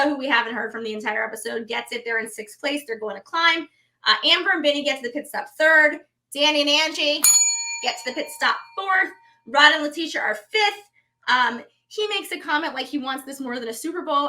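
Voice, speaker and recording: Woman co-hosting a recap show, bright voice, talks fast and lively. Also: high-pitched. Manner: chatty, animated recapping with laughs. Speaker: co-host, reality show recap. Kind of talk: casual chat.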